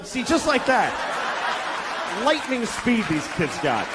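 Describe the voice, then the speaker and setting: Thirtyish guy doing stand-up, cranky and swearing, voice jumps all over, loud crowd laughing over him. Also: very high voice, huge pitch swings, slow pace. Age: 30s. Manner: exasperated, profane, swings into mocking put-on voices. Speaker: stand-up comedian. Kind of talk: stand-up comedy set. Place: comedy club stage. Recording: live club recording with loud crowd laughter and noise.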